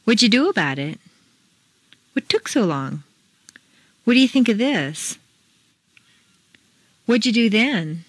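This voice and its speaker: A woman teaching pronunciation, reading scripted drills slowly and deliberately, with exaggerated intonation. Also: fairly high pitch, very animated, slightly rough, no echo. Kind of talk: scripted accent-training lesson.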